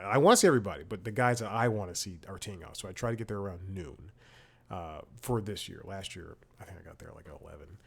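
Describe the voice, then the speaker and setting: A man hosting a comedy podcast who tells rambling personal anecdotes in a casual chat and corrects himself often as he goes. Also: lowish voice. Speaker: podcast host.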